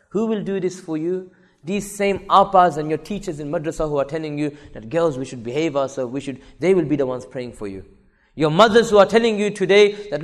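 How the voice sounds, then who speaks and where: A man's voice: sits high, fairly quick, long reverb tail. A male preacher giving an impassioned sermon to women, hammering home repeated rhetorical questions. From United Kingdom.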